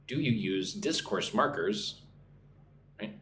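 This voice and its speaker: American guy teaching english on a live stream, lowish voice, keeps saying right?, roomy echo and a bit of hiss. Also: lively intonation, slow, a bit bright. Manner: checks in with a constant "right?", reads out viewer comments. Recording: echoey room, faint background noise.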